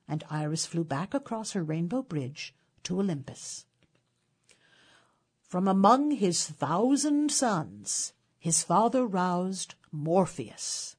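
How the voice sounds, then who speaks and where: A woman narrating a literary tale in a measured, expressive storytelling manner. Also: fairly low pitch, breathy edge.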